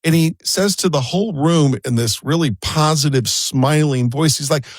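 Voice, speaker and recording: A man's voice: fairly high pitch, moderate pace, dry recording. Chatty man telling rambling stories. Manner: chatty, rambling anecdotes with asides. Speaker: co-host. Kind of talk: casual talk-show storytelling.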